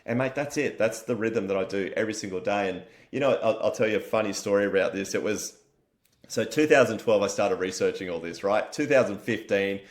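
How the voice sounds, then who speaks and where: In a matey, high-energy interview, the Australian founder of a wellness company swears offhandedly. He talks a little fast in a lowish voice.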